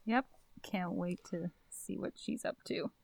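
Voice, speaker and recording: A woman's voice: fairly low pitch, unhurried, gravelly, slightly rough, no room sound, studio quality. A woman co-hosting a podcast, chatting casually and musing aloud with fillers. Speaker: podcast co-host. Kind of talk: casual chat.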